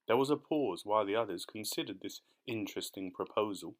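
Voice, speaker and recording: Expressive male storybook narrator. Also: fairly low pitch, fairly quick, hardly any pauses. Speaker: audiobook narrator.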